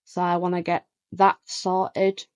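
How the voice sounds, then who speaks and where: A woman's voice: lowish voice, monotone, slow pace, no echo, low-quality recording. Woman, guest musician, casual talker. Dry, close voice, rambling story with restarts. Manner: chatty, full of "like" and restarts.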